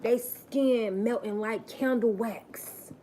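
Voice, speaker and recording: A woman's voice: fairly high pitch, slow, dark tone, a little hiss or hum. Emphatic preachy woman on a live stream. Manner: emphatic and preachy, repeats phrases for stress. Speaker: spiritual reader live-streaming. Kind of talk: live-stream spiritual message.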